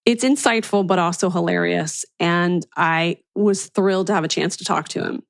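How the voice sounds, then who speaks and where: A woman hosts a podcast, first reading an enthusiastic scripted intro and then interviewing a guest in an upbeat manner. Her voice sits on the low side at a moderate pace, with no room sound.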